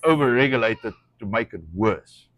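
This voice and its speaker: A man of middle pitch, co-hosting a stream in loose, blunt casual chat. He rambles and restarts his sentences while airing strong opinions. The sound is dry and close, with no room echo. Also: animated, moderate pace, a bit bright. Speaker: co-host of a live stream.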